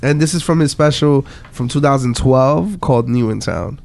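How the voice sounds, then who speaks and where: Man, podcast host, relaxed chat, mid-range voice. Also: mid-range voice, moderate pace, creaky. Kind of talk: casual interview chat.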